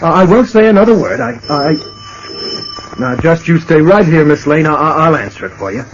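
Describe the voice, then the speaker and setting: Direction: play a talkative, stammering sidekick with an Australian accent; old radio recording with hiss. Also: male voice, fairly high pitch, normal speed. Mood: flustered. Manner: stammering, excitable. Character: excitable working-class male sidekick, talkative. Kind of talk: 1940s radio acting. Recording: dull old radio transcription with faint hiss.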